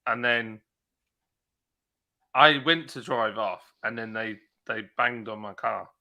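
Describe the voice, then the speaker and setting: Man, very bright voice, animated storytelling, casual stream chat. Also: lowish voice, slow pace, gravelly. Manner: animated storyteller, acts out shouting. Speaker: streamer host.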